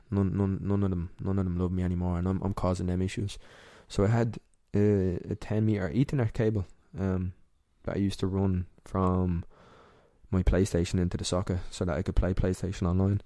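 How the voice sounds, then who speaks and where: A young man with an Irish accent, a podcast guest telling a personal story in a candid, emotional, halting way. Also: sits low, little pitch movement, mellow, no room sound, clean studio sound. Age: young adult.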